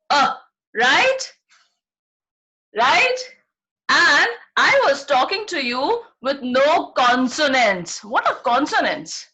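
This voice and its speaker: High, lively Indian woman teacher. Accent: Indian English. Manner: encouraging, repeats "right?" to check understanding. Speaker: primary school teacher. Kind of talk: online phonics class for young children. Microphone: video call.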